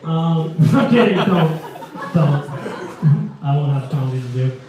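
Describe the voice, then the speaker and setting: A young man working a crowd with crude, needling stand-up, his voice sitting high for a man. He sounds far from the mic in a very echoey club, with an audience laughing and murmuring around him. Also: measured pace. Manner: crude, provocative, teasing the audience. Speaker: stand-up comedian. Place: small comedy venue with a live audience.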